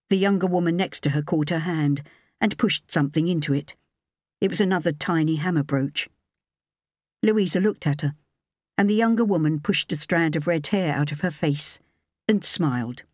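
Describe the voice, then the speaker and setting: A woman reading a novel aloud as an audiobook narrator, in measured storytelling. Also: sits low, darkish tone, no room sound, clean studio sound. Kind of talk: scripted narration.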